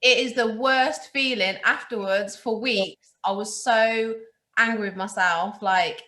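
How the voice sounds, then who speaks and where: A woman electrician hosting a podcast, chatty and quick to agree with and encourage her guest. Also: medium pitch, steady tone, sharp tone. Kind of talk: casual chat. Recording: roomy echo.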